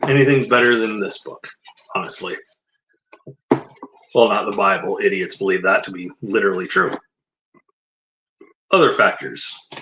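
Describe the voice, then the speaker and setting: Man, lowish voice, sarcastic, mocking, casual commentary with read-aloud passages. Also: unhurried, long pauses, noisy background. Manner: rambling asides. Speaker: video commentator reading and rebutting a book.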